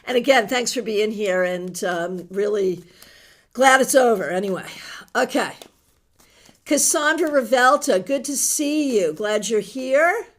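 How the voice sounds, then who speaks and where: A middle-aged woman hosts a tarot livestream, chatting with viewers and reading their comments aloud. She speaks with open emotion, and her voice sits a little higher than most. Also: lively intonation, measured pace. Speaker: tarot reader host.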